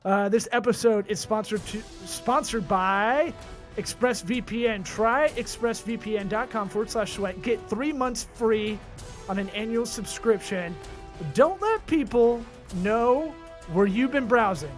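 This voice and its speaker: A man's voice: high voice, soft background music. A man hosting a comedy business podcast, reading sponsor plugs and joking with his co-host. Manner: jokey, rapid-fire sponsor plugs. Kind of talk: casual podcast chat with ad reads.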